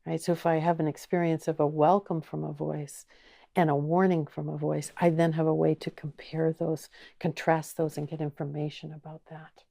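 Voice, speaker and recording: A woman teaching an online course, speaking slowly and gently and asking the listener many inviting questions. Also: low-pitched, little pitch movement, vocal fry. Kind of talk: guided teaching talk.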